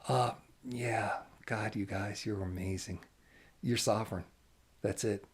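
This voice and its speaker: A man giving an animated, emphatic channeled spiritual talk, now and then dropping to hushed asides. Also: on the low side, takes it slowly, slightly rough.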